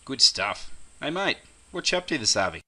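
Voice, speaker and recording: A man voicing an easygoing Australian male mate who invites a friend over, talking in quick breezy slang with an Australian accent. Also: medium pitch, sing-song, bright, forceful tone, heavily acted.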